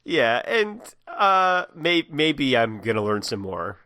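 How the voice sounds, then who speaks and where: A man co-hosting a casual chat, talking in a wry, halting way with quick jokes and restarts. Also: a little high, sing-song, pushed and bright. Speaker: podcast co-host.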